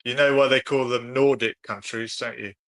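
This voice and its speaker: This is a man co-hosting a casual live stream. His voice is bright and forward. He talks easily, reads viewer comments aloud and turns them into questions for his guest. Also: medium pitch, fairly even intonation, normal speed. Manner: chatty, reads out viewer comments, asks follow-ups. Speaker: co-host of a live discussion stream.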